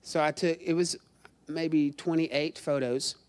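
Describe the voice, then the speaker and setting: A man's voice: a little high, fairly even intonation, slow pace, darkish tone, smooth. A middle-aged male pastor preaching a sermon in a chatty, self-deprecating storytelling way, quizzing the congregation.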